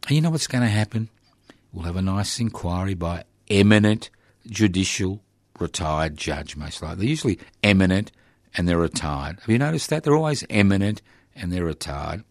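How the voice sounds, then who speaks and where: Sarcastic Australian man with a very low voice. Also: gravelly, dry recording. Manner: sarcastic, mocking, emphatic bursts. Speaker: community radio host. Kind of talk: opinionated political commentary.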